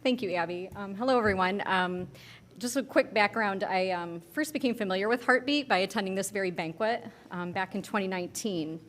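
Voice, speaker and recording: A woman's voice: mid-range voice, brisk, a little hiss or hum. A woman, the board treasurer, giving an earnest banquet update with many filler "ums". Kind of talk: banquet speech.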